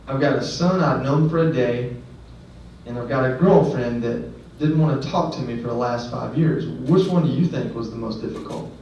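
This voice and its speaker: A man speaks to a gathered audience in a plain, mid-pitched voice, earnest and conversational, with a few self-deprecating asides. His voice is caught from a distance in a very echoey hall, and the sound is dull, with faint noise behind it. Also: a little mellow. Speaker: guest speaker. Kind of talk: personal story speech. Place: ceremony venue.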